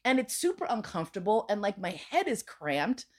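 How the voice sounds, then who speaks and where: A woman's voice: medium pitch, a little fast. A woman telling a bawdy story in casual chat, acting out the other people's lines and swearing freely. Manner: animated, acts out voices in quotes, swears freely. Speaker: podcast guest.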